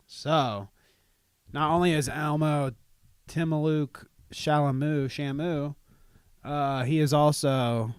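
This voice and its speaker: A man's voice: medium pitch, steady tone, drawn-out words, pauses often, clear, resonant tone, no echo, studio quality. A young man hosting a casual livestream podcast, ranting sarcastically with lots of swearing. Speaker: podcast host.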